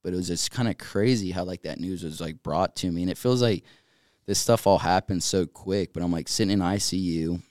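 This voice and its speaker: A man tells his story as a podcast guest, with a low voice picked up close and dry. He talks casually and animatedly, full of fillers, laughs often and acts out what others said to him. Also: brisk, a little mellow, no room sound. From North Carolina.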